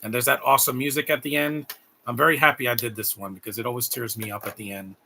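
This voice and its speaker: A man's voice: mid-range voice, level tone, fast, creaky, sharp tone, a little hiss or hum. A man giving rambling, heartfelt live commentary on a movie, repeating words as he talks. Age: adult.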